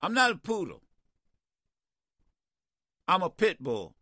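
Lively, bright-voiced male radio host. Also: high voice, takes it slowly, no room sound, clean studio sound. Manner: combative, emphatic, repeats himself. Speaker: radio talk show host. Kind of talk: call-in talk radio.

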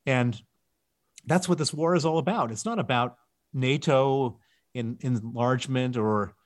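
A man's voice: medium pitch, a little slow. Emphatic man explaining as a guest. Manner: emphatic, stressing key words. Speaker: guest author. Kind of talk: interview answers.

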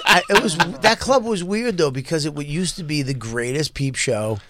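A man's voice: fairly high pitch, moderate pace, a bit bright, dry recording. A man co-hosting a casual comedic chat, blunt and profane, often restarting his sentences. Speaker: co-host.

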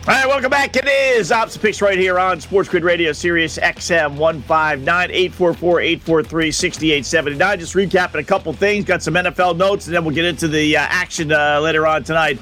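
High-voiced, blunt sports radio man. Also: brisk, hardly any pauses, sharp tone, soft background music. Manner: blunt and emphatic, full of "uh" fillers and repeated words. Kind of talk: opinionated radio talk.

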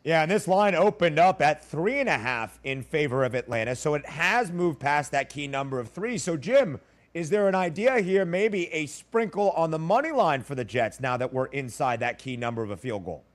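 A man's voice: fairly high pitch, expressive, moderate pace. A man hosting a sports betting radio show, upbeat and jokey as he introduces guests and picks.

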